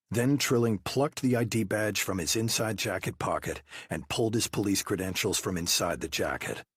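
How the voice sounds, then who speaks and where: Narrating an audiobook in the first person, a man keeps a measured delivery. His low, husky voice stays lively in pitch, and the recording is very dry.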